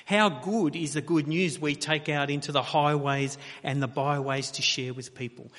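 A man preaching a sermon, measured and emphatic, asking rhetorical questions with long pauses. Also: on the high side, steady tone, a bit bright. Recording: reverberant hall.

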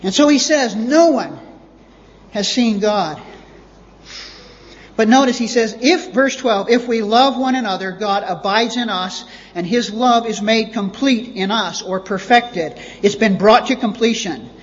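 A man's voice: high voice, unhurried. A man preaching a sermon as pastor, emphatic and repeating words for stress. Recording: dull lo-fi audio with long reverb.

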